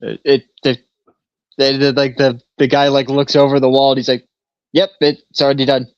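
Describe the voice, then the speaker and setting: Male podcast co-host, loose rambling storyteller, mid-pitched, dull dry recording. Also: little pitch movement, normal speed, dry recording. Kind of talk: casual chat.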